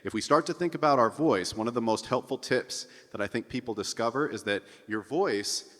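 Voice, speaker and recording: A man's voice: medium pitch, fairly quick, a bit bright, long reverb tail. A man coaching a singing lesson in a casual, upbeat way, breaking into nasal sung scales to demonstrate. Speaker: vocal coach.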